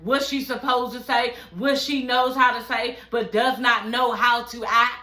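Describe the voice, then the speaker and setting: A woman with a bright, sharp voice, talking a little high, recaps reality TV in a brash and profane way. She tells it like gossip, all animated. The room around her is echoey. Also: unhurried. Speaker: recap vlogger. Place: living room.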